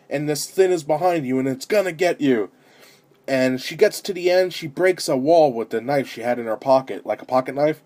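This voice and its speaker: A man's voice: on the high side, moderate pace. Man eagerly retelling a film plot. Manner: animated retelling with filler words and restarts. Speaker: amateur movie reviewer. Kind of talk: casual spoken film review.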